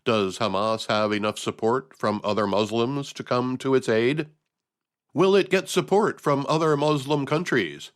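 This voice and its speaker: A man delivers a scripted podcast monologue on current events. His voice sits at an ordinary middle pitch. He slips in dry, sardonic jokes between the serious points. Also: a little slow. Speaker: podcast host.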